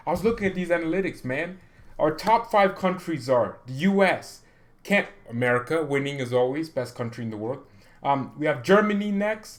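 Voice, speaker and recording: A man in the middle of the usual pitch range hosts his own fan channel, talking casually straight to camera. He rambles from point to point with excitable energy and pokes fun at himself along the way. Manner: excitable, rambling, self-mocking.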